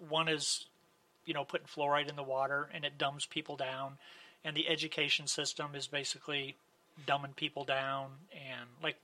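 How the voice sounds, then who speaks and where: A man co-hosting a live podcast in a bright, steady, flat-toned voice. He rambles hesitantly, with plenty of "like" and "I mean", on a dry close mic. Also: fairly high pitch, moderate pace, no room sound. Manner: rambling, hesitant, loose grammar. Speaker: podcast co-host. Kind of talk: casual live podcast chat.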